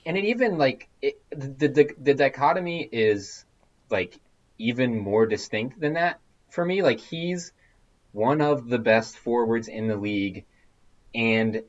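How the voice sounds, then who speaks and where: A man in casual podcast chat, halting and emphatic, with frequent restarts. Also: medium pitch, animated, highs cut off.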